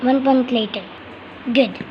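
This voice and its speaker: A woman tells a playful children's toy story in a high, bright voice. She talks slowly and in a chatty, sing-song way, giving small voices to the toys. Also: dull audio, slight background noise. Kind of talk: playful toy play narration.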